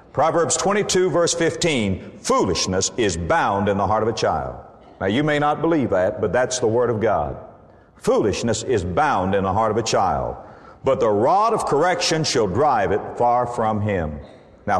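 Lively preaching man in a reverberant hall. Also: medium pitch. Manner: emphatic preaching, quoting scripture. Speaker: pastor. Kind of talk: sermon.

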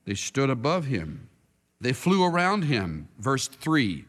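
A man preaching a sermon to a congregation, dramatic, moving from hushed tones to shouting. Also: mid-range voice, big pitch swings, slow. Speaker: pastor. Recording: long reverb hall with faint music.

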